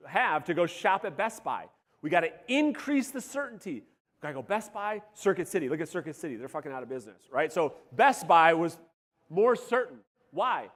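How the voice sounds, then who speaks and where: Male sales coach, high voice going hoarse, punchy and profane, working a seminar crowd in a reverberant hall. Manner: energetic, profane, calls out to the audience. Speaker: real estate sales coach. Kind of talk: live seminar talk to a room. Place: seminar room before a live audience.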